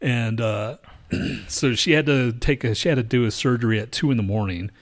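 A man's voice: medium pitch, moderate pace. A man telling a story in casual chat, rambling and swearing, with many restarts and fillers.

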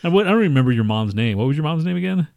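A man's voice: a little high, animated, racing, creaky, darkish tone, dry recording, highs cut off. A man co-hosting a podcast, chatting casually with lots of swearing, laughter and teasing. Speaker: podcast co-host. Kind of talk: casual crude banter.

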